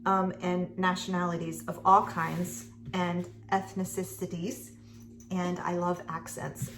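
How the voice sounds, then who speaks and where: Slow, rambling middle-aged woman vlogger. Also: mid-range voice, fairly bright tone, a little hiss or hum. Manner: rambling, chatty, full of fillers. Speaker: beauty vlogger. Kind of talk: casual makeup chat. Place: at home.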